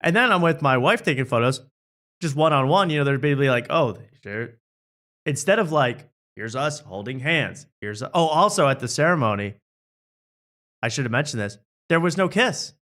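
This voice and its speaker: A man's voice: medium pitch, normal speed. A young adult man hosting, telling a self-mocking story in casual chat and acting out the people in it. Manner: animated, self-mocking, acts out quotes. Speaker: host.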